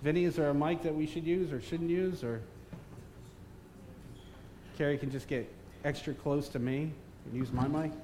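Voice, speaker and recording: A man with a slightly high voice preaches to a church crowd, full of jokes and playful energy. His words ring out with a long reverb across a large hall, with a faint hum of room noise underneath. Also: normal speed, pauses often. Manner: joking, energetic, teasing the crowd. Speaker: guest pastor. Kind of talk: live church sermon with banter.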